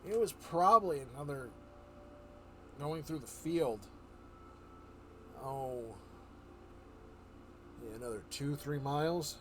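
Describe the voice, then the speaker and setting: A man streaming live, telling a fantasy adventure story in a rambling, animated way, full of fillers and restarts. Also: on the high side, slow pace, pauses often, slight background noise.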